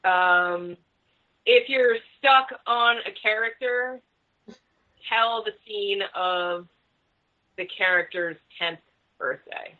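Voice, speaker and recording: A woman's voice: medium pitch, takes it slowly, pauses often. A woman, a guest author, chatting casually and animatedly on a podcast, swearing freely. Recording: slightly muffled recording.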